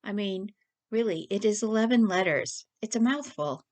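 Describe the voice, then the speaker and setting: A woman voicing a grieving young woman who rambles nervously in long rushes. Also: medium pitch, animated, close to an everyday voice. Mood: rambling.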